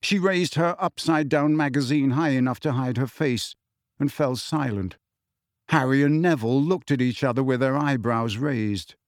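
A man reading a fantasy novel aloud in a steady, expressive storytelling manner. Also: mid-range voice, moderate pace, no room sound, studio quality. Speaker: audiobook narrator. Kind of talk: scripted fantasy novel narration.

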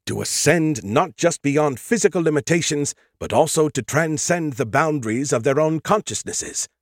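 Man doing a smug male AI, sarcastic, lecturing, lively swooping delivery, dry close sound. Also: on the high side, normal speed, no room sound, pitched above the performer's own voice. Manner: condescending, lecturing. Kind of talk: audiobook character voice.

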